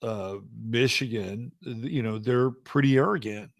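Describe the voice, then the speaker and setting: A man's voice: mid-range voice, unhurried, no echo. A man commenting on sports through astrology in casual talk-show debate, rambling and blunt with frequent hesitations. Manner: rambling, hesitant with many fillers and restarts, blunt.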